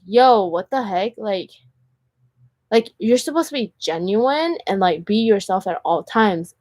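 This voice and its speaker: A woman's voice: medium pitch, dry recording. A woman vlogger telling personal stories in a casual, earnest way, with lots of "like" fillers. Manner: chatty, heavy use of "like" fillers; earnest and candid. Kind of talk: casual storytelling vlog.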